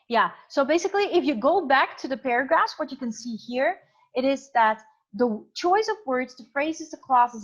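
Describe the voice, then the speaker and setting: A woman's voice: on the high side, muffled recording. A woman teacher giving an online class. She explains through many examples and thinks aloud with fillers. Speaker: English teacher.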